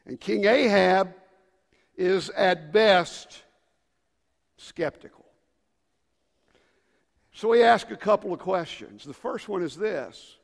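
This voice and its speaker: A male pastor preaching in a large church, swinging from hushed whispers to shouted rallying calls. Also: high-pitched, slow pace, vocal fry, pauses often. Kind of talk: sermon. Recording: long reverb of a large hall.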